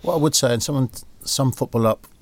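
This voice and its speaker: Ex-player pundit, male, mid-pitched, blunt, argues hard in studio chat. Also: fairly quick. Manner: blunt and argumentative. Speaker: pundit, former footballer. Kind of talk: studio football debate.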